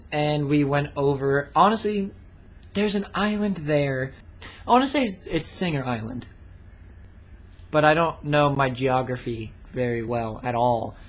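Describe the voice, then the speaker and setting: Rambling young man, casual storytelling. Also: fairly high pitch. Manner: rambling, swears freely, many fillers. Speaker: vlogger.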